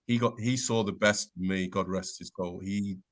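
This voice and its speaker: A man's voice: low-pitched, steady tone, normal speed. A man, a podcast guest, telling stories in casual chat, reflective and full of restarts.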